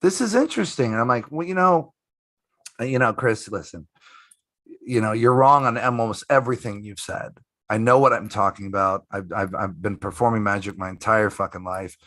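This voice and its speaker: A man's voice: lowish voice, moderate pace, fairly bright tone, no room sound. Emphatic, swearing middle-aged man telling a story. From United States. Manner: emphatic, profane, repeats himself. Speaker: guest magician. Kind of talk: casual interview storytelling.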